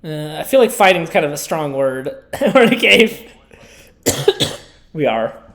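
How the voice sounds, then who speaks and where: Lively casual woman gamer. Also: low-pitched, slow pace. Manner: laughing, joking, stammers when flustered. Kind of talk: casual chat while gaming.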